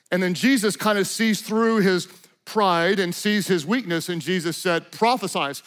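A male preacher delivering a sermon with dramatic swings between hushed tones and shouting. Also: high-pitched, normal speed.

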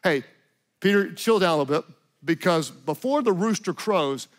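A calm, knowing teacher who speaks low and gentle, as a preacher puts him on. He delivers a quiet warning without haste. The voice sits lower and softer than the preacher's own. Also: moderate pace.

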